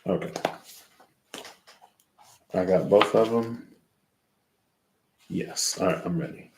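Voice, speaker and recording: A man's voice: low voice, slow pace, reverberant, noisy background. A sleepy man doing a casual tarot reading, reading from a guidebook and rambling as he thinks aloud. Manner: rambling, thinks aloud and loses track mid-sentence. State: sleepy, yawning. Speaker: tarot reader.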